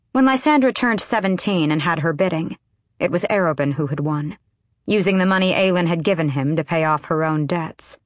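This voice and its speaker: A woman with a low voice narrates an audiobook from a script. The studio-quality recording has no echo.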